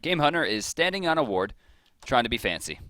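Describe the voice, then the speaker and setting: A man's voice: medium pitch, sing-song, brisk, pushed and bright, dry recording. A man doing color commentary on an esports match, with dry, sarcastic asides. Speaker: esports co-caster.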